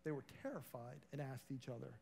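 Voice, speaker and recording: A man's voice: medium pitch, a little fast, gravelly, dark tone. A man giving a sermon as a guest preacher in a church, earnest and conversational.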